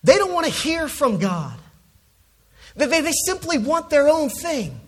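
Slow steady preacher going verse by verse, leans on words hard, says "it, it, it" when restarting. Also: high voice. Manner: emphatic, stresses key words, repeats words when restarting. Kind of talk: expository sermon.

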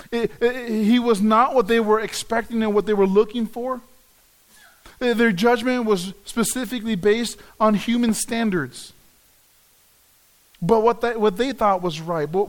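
A man preaching a sermon, earnest, often repeating words as he restarts a phrase. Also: high voice. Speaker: pastor.

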